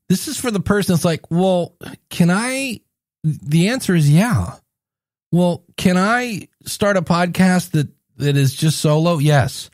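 A man's voice: on the high side, a little mellow, no room sound, clean studio sound. Upbeat chatty man, podcast host. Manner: chatty, jokey, acts out little scenes. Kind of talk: solo podcast talk.

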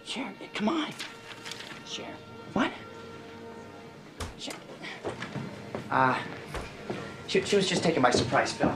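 A man's voice: high voice, huge pitch swings, slow, long pauses, music in the background, exaggerated voice. An actor playing an eager young songwriter husband who stammers and repeats himself as he coaxes and reassures. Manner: stammering, coaxing. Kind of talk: TV movie acting.

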